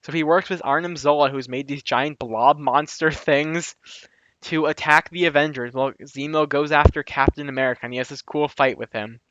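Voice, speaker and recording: A man's voice: on the high side, steady tone, moderate pace, fairly bright tone, no room sound, highs cut off. A man reviewing a show in a casual commentary monologue, chatty and opinionated, with asides and self-corrections. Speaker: video reviewer.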